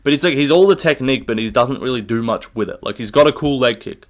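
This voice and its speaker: A young man rants through his fight picks, swearing freely and looping back on himself. He sounds loose and opinionated, talking at a middle pitch as he stands recording on his own. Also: fast talker. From Australia. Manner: rambling, profane, opinionated. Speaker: MMA fight predictor. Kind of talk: casual solo rant.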